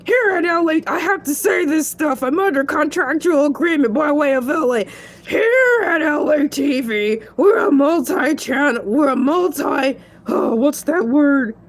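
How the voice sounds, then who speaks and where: A woman playing a boastful shark host. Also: sits high. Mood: chatty. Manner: chatty, rambling, playful bragging. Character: cocky male shark show host, boastful. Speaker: stand-in show host. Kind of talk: comedic solo character show.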